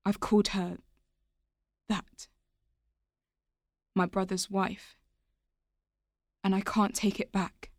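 An actress narrating a radio drama as a young woman looking back on her family, in a slow, quiet, reflective first-person voice. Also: medium pitch, flat delivery, dry recording, studio quality. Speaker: lead narrator of an audio drama.

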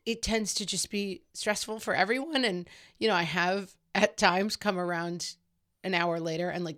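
A woman's voice: on the low side, expressive, fairly quick, a bit bright. A woman hosting a casual parenting advice podcast, talking chattily with a self-deprecating humor and lots of "like"s.

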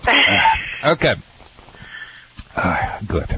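A man with a Russian accent gives dog-training advice to callers on a call-in radio show, talking in a halting, jokey, excitable way. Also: mid-range voice. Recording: dull lo-fi radio audio with faint hiss.

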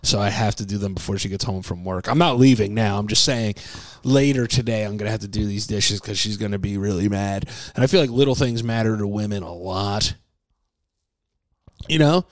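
A man hosting a comedy podcast, rambling playfully with plenty of swearing and now and then dropping to a hushed voice. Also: on the low side, no echo, studio quality. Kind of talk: improvised comic singing and rambling chat.

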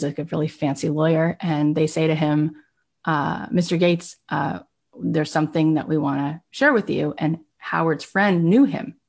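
A woman telling an anecdote in a lively way, acting out the people she quotes with a rising voice. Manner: animated, acts out quoted speech with rising pitch. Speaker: storyteller. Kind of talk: anecdotal storytelling.

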